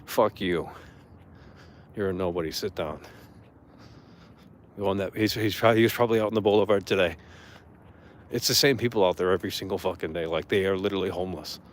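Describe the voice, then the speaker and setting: Speaking fairly quickly but with long pauses, a low-pitched man streams an angry rant. He swears liberally, mocks a person who irritated him, and raises his voice to imitate them. Faint hiss or hum is audible.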